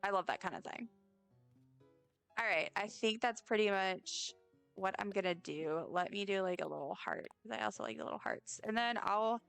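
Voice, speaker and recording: A woman's voice: medium pitch, brisk, fairly bright tone, clear, resonant tone, soft background music. A woman streaming a game, chatting casually and rambling with lots of fillers. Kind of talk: casual gameplay chat.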